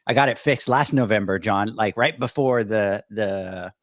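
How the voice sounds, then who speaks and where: A man's voice: on the low side, moderate pace, no echo, clean studio sound. A middle-aged man co-hosting a podcast, telling a rambling, self-deprecating story with many restarts. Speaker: podcast co-host. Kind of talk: casual storytelling chat.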